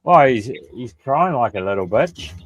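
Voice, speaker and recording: A man's voice: mid-range voice, lively intonation, moderate pace. A man on a casual livestream panel, joking and mocking, speaking to the chat. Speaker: panel guest.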